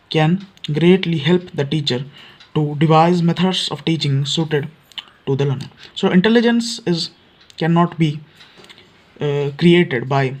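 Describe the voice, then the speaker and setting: A man with an Odia accent teaching an education class, explaining points step by step and often pausing on filler words. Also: fairly high pitch. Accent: Odia English. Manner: frequent fillers and restarts, repeats key points. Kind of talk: explanatory lecture for exam students.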